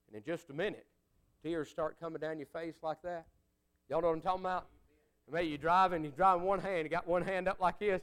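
A man's voice: a little high, clear, resonant tone. Fiery folksy preacher man. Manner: folksy, rising to fiery shouts and dropping to quiet asides. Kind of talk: sermon.

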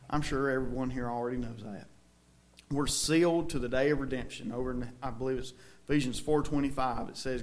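Folksy Southern preacher man. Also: mid-range voice. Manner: folksy and conversational, rising to emphatic outbursts. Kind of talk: sermon.

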